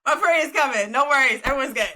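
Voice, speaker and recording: A woman co-hosting a podcast in casual chat, expressive and dramatic, laughing as she tells stories. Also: high voice, fast talker, very noisy. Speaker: podcast co-host.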